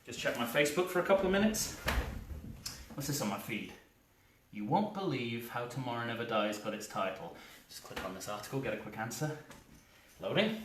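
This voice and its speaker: A man performing a one-man comedy show, talking quietly and offhandedly with hesitant asides. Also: mid-range voice, lively intonation, moderate pace. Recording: echoey room, distant mic.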